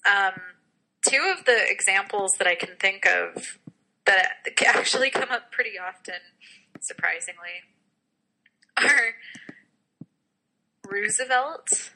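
A woman chatting casually as a podcast co-host. Her voice is very bright and sharp. She talks freely, laughs often and pokes fun at herself. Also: medium pitch, a little slow, pauses often, rough recording. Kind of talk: casual chat.

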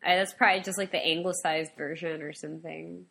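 A woman co-hosting a podcast in casual chat, an animated storyteller who acts out other people's lines. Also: sits low, fairly quick, vocal fry. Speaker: podcast co-host.

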